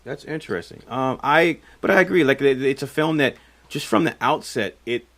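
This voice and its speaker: A man's voice: mid-range voice, normal speed, fairly bright tone. A man co-hosting a casual film podcast, talking in a rambling, thoughtful way with many fillers and restarts. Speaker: podcast co-host.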